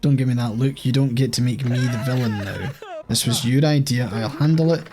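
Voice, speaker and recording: A man's voice: medium pitch, fairly quick, over music, lightly acted. A Scottish man reading out a scolding old woman. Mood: angry, defensive. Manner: sharp, scolding, exasperated. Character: bitter scheming old woman scolding her husband. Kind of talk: reading game dialogue aloud.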